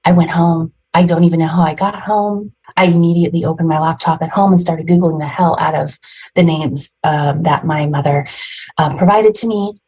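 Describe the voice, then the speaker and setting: A woman's voice: low-pitched, fairly even intonation, moderate pace, dark tone, slightly rough, rough recording. A woman in her forties, a podcast guest, retelling a personal story emotionally and ramblingly, with nervous laughs.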